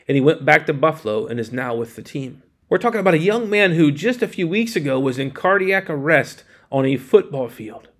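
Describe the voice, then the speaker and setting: A male pastor giving an earnest sermon, reading scripture aloud and slowing down to stress key phrases. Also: mid-range voice. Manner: earnest, emphatic preaching with slowed, stressed phrases.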